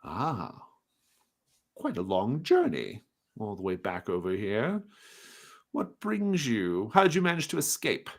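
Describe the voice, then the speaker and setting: A man's voice: lowish voice, huge pitch swings, measured pace, pauses often, full character voice. A man putting on a fussy pompous little detective. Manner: pompous, lecturing.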